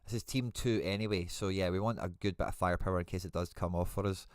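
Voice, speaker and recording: A man's voice: low-pitched, steady tone, fast, dry recording, studio quality. A man hosting a live stream, chatting casually and thinking aloud as he answers viewer comments. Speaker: host.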